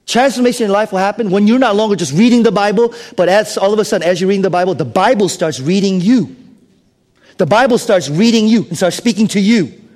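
A man preaching a sermon, swinging between loud emphatic bursts and hushed, whispered asides. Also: high-pitched, quick pace, in a large hall. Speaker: pastor.

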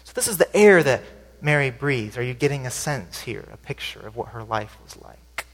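A man's voice: medium pitch, lively intonation, normal speed. A man preaching a sermon in a conversational way, asking the listeners questions and letting his voice rise for emphasis and then drop away at the ends of phrases. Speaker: pastor. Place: church sanctuary. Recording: sermon recording with long hall reverb.

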